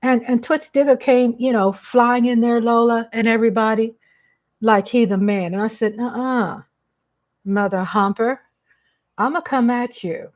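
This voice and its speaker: A woman's voice: a little high, a little mellow. Chatty woman streaming live. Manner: chatty, greets viewers by name, affectionate. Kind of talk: casual live-stream chat.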